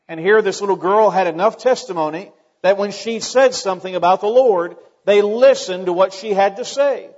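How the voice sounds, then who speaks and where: A man's voice: high-pitched, a little mellow, in a large hall, dull audio. A man preaching a sermon as pastor, emphatic, his voice rising with exclamations. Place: church.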